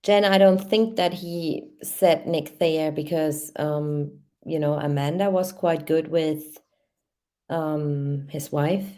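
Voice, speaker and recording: A woman's voice: low-pitched, steady tone, slow, dark tone. A woman hosting a true crime channel, reading a case timeline aloud and adding hesitant comments with many fillers.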